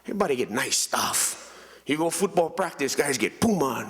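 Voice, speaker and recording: In a reverberant hall, a man in his thirties with a Hawaiian Pidgin accent delivers a keynote speech, telling joking stories about himself. His voice is medium-pitched at a moderate pace, and his delivery is lively.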